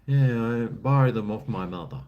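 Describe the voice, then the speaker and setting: A man's voice: mid-range voice, normal speed, muffled recording. An Australian man chatting casually on a live stream, answering chat in a laid-back, rambling, jokey way.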